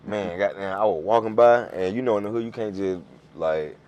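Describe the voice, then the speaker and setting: A man telling animated stories on a podcast as a guest. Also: fairly low pitch, brisk, muffled recording. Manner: animated, acts out voices in his stories. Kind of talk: casual storytelling.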